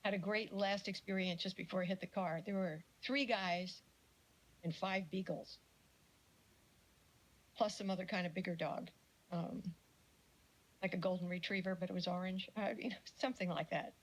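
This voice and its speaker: A woman's voice: fairly low pitch, steady tone, moderate pace, long pauses, poor audio. Chatty woman giving a mini lecture. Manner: storytelling, acts out quoted voices.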